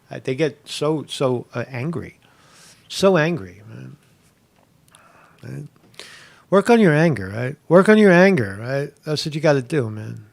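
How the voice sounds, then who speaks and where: A sarcastic male host from Pennsylvania rambles through a live show monologue. He swears freely and restarts his sentences, and his voice sits slightly higher than most men's. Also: expressive, measured pace, gravelly.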